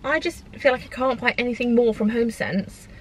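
A woman's voice: on the high side, normal speed, low-quality recording. A woman in her thirties chatting casually while vlogging a shopping trip. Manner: chatty, giggly. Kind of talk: casual road trip chat.

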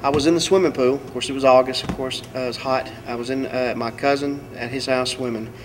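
A man being interviewed, quietly recalling a memory in measured storytelling. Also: mid-range voice, fairly even intonation, background noise.

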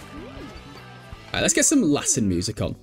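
A man's voice: high-pitched, huge pitch swings, measured pace, soft background music. A young man from England, chatting casually as he streams a game, swearing and laughing often. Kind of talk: casual live game commentary.

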